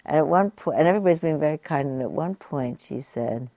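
A woman meditation teacher giving a dharma talk, telling a story gently and unhurriedly, with asides to her listeners. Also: sits low, expressive, a little fast, few pauses, dry recording.

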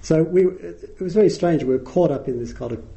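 A man's voice: a little high, fairly quick, gravelly, warm tone, rough recording. A middle-aged man giving a dharma talk as a meditation teacher, telling wry anecdotes and chuckling at his own stories.

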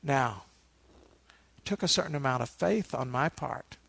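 Gravelly man telling a teaching story. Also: mid-range voice, unhurried, no room sound. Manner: relaxed storyteller with asides to listeners. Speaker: meditation teacher. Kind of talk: dharma talk with personal storytelling.

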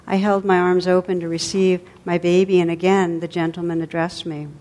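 Soft-spoken woman telling a story. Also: fairly low pitch, level tone, moderate pace. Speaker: meditation teacher. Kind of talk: storytelling in a dharma talk.

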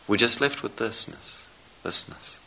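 A man giving a dharma talk as a meditation teacher, speaking slowly and reflectively with long pauses. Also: lowish voice, animated, gravelly, bright, forceful tone, a little hiss or hum. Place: meditation hall.

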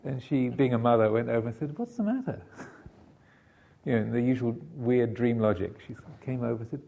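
A man giving a Buddhist dharma talk, telling a story in a halting way with many fillers and restarts. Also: mid-range voice, flat delivery, vocal fry, dark tone, dull audio. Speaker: Buddhist monk teacher.

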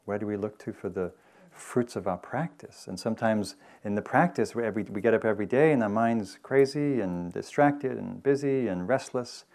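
Soft-spoken English man giving a dharma talk. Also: fairly low pitch. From England. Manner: gentle, conversational storytelling. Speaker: meditation teacher. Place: meditation hall with audience.

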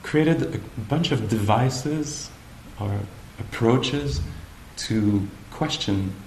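A male meditation teacher giving a gentle, playful dharma talk with frequent pauses. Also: medium pitch, a little hiss or hum. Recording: roomy hall with faint ambience.

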